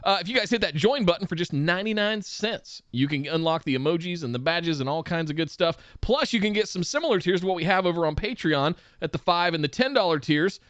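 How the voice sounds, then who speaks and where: A man co-hosting a live wrestling podcast, chatting casually and reading out plugs and shout-outs in an upbeat way. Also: fairly high pitch, smooth, dry recording, dull audio. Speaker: podcast co-host.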